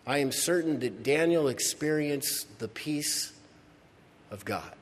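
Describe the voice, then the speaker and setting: A man preaching a sermon, reading scripture and swinging from loud, emphatic lines to hushed ones. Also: a little high, animated, takes it slowly, big-room sound. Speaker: pastor.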